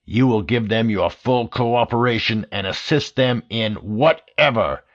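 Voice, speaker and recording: A man voicing a loud, domineering older FBI director with a raspy, wheezing smoker's voice who barks orders and swears. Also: mid-range voice, fairly even intonation, unhurried, close to an everyday voice. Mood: shouting, furious. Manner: barking, profane, domineering. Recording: dull lo-fi audio.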